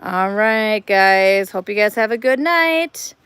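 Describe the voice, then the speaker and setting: A woman's voice: mid-range voice, expressive, slow pace, fairly bright tone, clean tone, no echo. A woman hosting a casual live stream, chatty and rambling, filming on a phone while walking around an outdoor cat playground. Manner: chatty, rambling, laughs easily.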